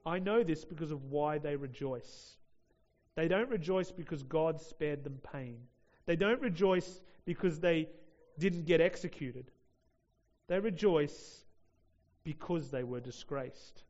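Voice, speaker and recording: A man preaching in a slow, deliberate cadence, pressing hard on key words before sinking to a hush. His voice sits a little high for a man. The recording is dull and lo-fi. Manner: emphatic, rising to loud peaks then dropping low. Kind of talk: sermon.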